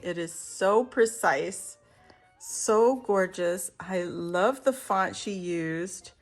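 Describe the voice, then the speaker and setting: Gushing woman unboxing craft mail. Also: medium pitch. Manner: gushing, exclaims and gasps often, laughs between lines. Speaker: crafting YouTuber.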